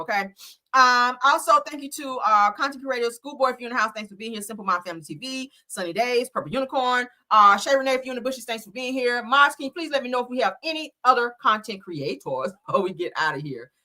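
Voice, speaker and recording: Woman streamer, sassy, bright, very lively pitch. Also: fast talker. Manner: sassy, chatty, laughs often, talks to chat. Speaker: livestream host. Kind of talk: casual chat reading celebrity news.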